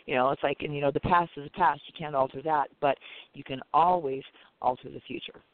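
A woman guest on a psychic call-in show, talking in an animated way and filling her talk with "you know" and "it's like.". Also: low-pitched, fairly quick, no echo. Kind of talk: casual chat. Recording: phone-like narrow sound.

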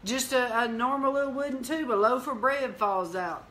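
A woman's voice: fairly high pitch, moderate pace, fairly bright tone. A woman preacher, delivering a fiery sermon full of emphatic repetition.

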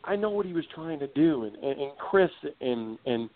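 A man's voice: a little high, animated, moderate pace. A middle-aged man, a motorsports broadcaster, answering interview questions in an eager, rambling way with many restarts. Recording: tinny phone-like audio.

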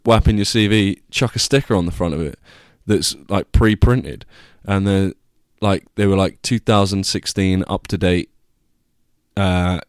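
A man's voice: sits low, dry recording, clean studio sound. A young man vlogging, telling a rambling, self-deprecating story with casual swearing.

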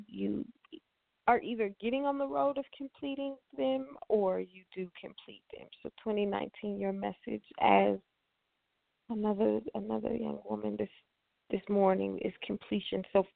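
Gravelly-voiced woman giving radio readings. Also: mid-range voice, no room sound. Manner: calm, steady advice-giving. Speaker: radio host and spiritual reader. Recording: tinny phone-line sound, dry.

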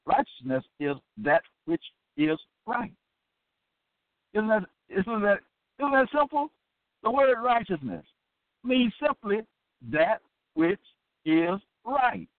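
A man's voice: sits high, sing-song, dry recording. Man preaching over a tinny line. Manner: emphatic and deliberate, repeating points. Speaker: Bible teacher hosting an episode. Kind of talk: preaching Bible study. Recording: tinny phone-like, dry sound.

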